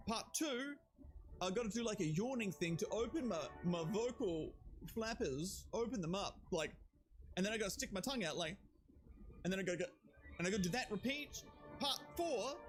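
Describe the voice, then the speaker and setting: A man rambles through a live stream, thanking viewers one after another with jokes and cheerful swearing. His voice is a little sore and strained, yet it leaps up and down with lively, bouncing pitch. Music plays clearly underneath the whole time. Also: normal speed, pauses often. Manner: rambling, jokey, swears freely, shouts out viewers. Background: music playing under the voice.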